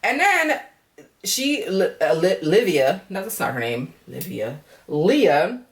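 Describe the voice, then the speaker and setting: Woman vlogger, lowish voice, casual profane recap, animated, off-mic distance. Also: slow. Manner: chatty, profane, animated, laughs often. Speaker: YouTube reality-show reviewer. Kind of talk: casual reaction commentary.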